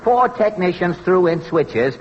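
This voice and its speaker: A man hosting a 1940s radio comedy show, with dry, exasperated, quick-witted delivery. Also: sits high, expressive. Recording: dull, hissy 1940s radio broadcast.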